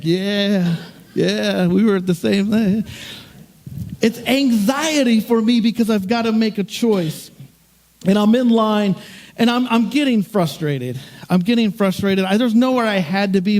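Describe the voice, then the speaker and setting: A man's voice: high-pitched, a little mellow. A middle-aged man, a pastor, telling a story in his sermon in a conversational, self-deprecating way.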